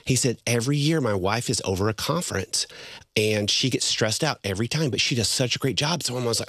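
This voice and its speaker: A middle-aged man talks about marriage and empathy in lively storytelling. His pitch swoops up and down as he acts out little quoted exchanges, and he laughs easily. The sound is close and dry. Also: brisk, dry recording. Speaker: guest speaker on marriage. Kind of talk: conversational storytelling.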